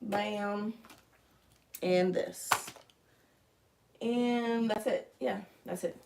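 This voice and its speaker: A woman's voice: mid-range voice, steady tone, very slow, gravelly, background noise. A woman hosting a casual live stream from her living room, chatting straight to her viewers and explaining each step as she makes merch. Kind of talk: casual live chat while crafting.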